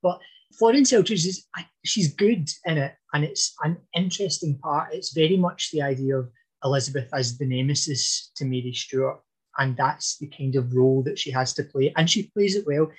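A man's voice: a little high, normal speed, husky. A man talking through history in a casual podcast chat, thoughtful and hesitant. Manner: thoughtful, hesitant with fillers and restarts. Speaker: podcast guest expert on history.

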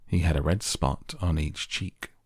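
Deep gravelly man reading softly. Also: unhurried, dry recording, studio quality. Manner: gentle, calm. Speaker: audiobook narrator. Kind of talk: soft bedtime story reading.

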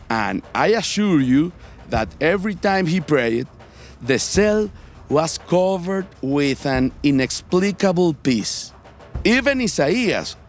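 A man giving scripted storytelling narration in a measured, expressive way, with music underneath. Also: on the high side.

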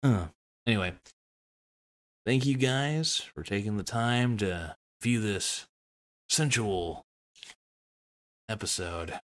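Goofy low-voiced man rambling as host. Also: a bit bright. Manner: goofy, self-mocking, jumps between topics. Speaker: host of an online show. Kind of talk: rambling casual sign-off.

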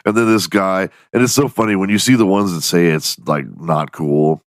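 Man, casual comedy podcast host, profane, laughs a lot, very low voice, dry close sound. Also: fairly even intonation, moderate pace, dry recording. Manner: profane, joking, laughs often.

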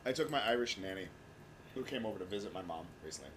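A man's voice: fairly low pitch, animated, fast talker, noisy background. A man hosting a podcast, asking questions in a joking, profane way. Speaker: podcast host. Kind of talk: casual interview chat.

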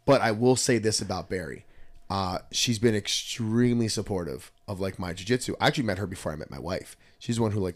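Low-voiced man, podcast host telling stories. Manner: storytelling, profane, animated retelling. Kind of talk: casual chat.

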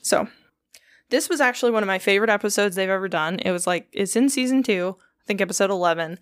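A young woman telling ghost stories in a relaxed, chatty podcast manner. Her pitch sits in an ordinary middle range. Her speech is loose and full of swearing and filler words. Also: quick pace, dry recording, studio quality. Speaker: podcast host. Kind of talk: casual storytelling chat.

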